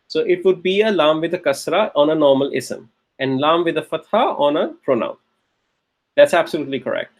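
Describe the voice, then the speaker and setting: A man lecturing a grammar class, repeating key phrases and checking in with the students as he goes. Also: a little high. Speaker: Arabic grammar teacher.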